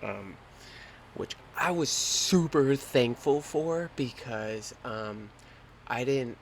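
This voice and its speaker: A young man hosting a podcast, telling a story in a lively, slangy and profane way. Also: mid-range voice, slow, slight background noise. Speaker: podcast host. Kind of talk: casual storytelling.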